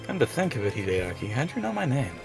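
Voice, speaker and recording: A man's voice: medium pitch, big pitch swings, fast, gravelly, music in the background. A man voicing a blunt young woman in a casual, matter-of-fact way while reading a visual novel.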